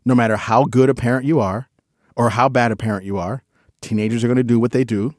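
A man's voice: mid-range voice, steady tone, quick pace, a little mellow, no room sound, clean studio sound. A man co-hosting a podcast, talking casually in a rambling, self-correcting way. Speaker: podcast co-host. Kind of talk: casual chat.

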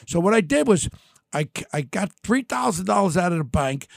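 An older man, hosting a podcast and telling crime stories in an animated, brash way. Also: high-pitched, a little fast, gravelly, no room sound, clean studio sound. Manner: animated, brash storytelling, acts out quotes. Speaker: podcast host. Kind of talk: storytelling chat.

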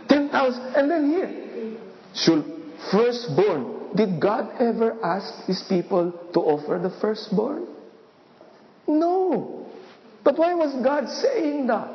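A woman preaching a sermon, asking rhetorical questions and acting out voices in a lively way. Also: medium pitch. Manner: animated, rhetorical questions, acts out voices of God and people. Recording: dull sound with long hall reverb.

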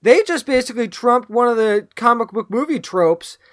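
A man co-hosting a podcast, chatting casually and enthusiastically about a movie he liked. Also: very high voice. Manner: enthusiastic, animated, quick restarts. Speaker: podcast co-host. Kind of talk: casual movie review chat.

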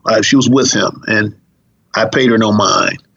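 A middle-aged man with a rough, gravelly, somewhat husky voice recounts his years as a police officer. He tells the story with animation, jumping up in pitch whenever he quotes someone. The recording sounds dull and lo-fi. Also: a little slow, bright, forceful tone. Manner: acts out dialogue with big pitch jumps.

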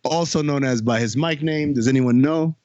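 A man's voice: medium pitch, moderate pace, darkish tone, no echo, lo-fi sound. A man hosting a casual podcast, telling stories and reading jokes aloud. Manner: storytelling, reads jokes aloud with laughs. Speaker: podcast host.

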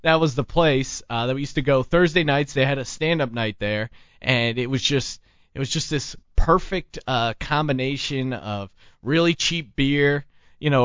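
A man's voice: medium pitch, fairly bright tone, clean tone, no room sound, dull audio. A man hosting a casual talk show, telling rambling stories with plenty of restarts. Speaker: podcast host. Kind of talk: casual chat.

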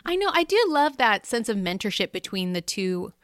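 A woman's voice: medium pitch, very animated, moderate pace, a bit bright, no echo, studio quality. A woman co-hosting a podcast, chatting in an upbeat, friendly way. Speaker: podcast co-host. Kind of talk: casual podcast chat.

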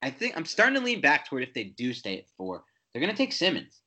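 A man co-hosting a sports podcast, talking football in an animated, opinionated way with quick restarts. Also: on the high side. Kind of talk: casual sports chat.

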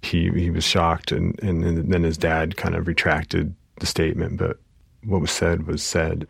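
A man, a therapist, telling an emotional story from a session, halting with many fillers and restarts. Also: low-pitched, completely flat delivery, vocal fry, husky, no room sound, clean studio sound. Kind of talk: personal storytelling.

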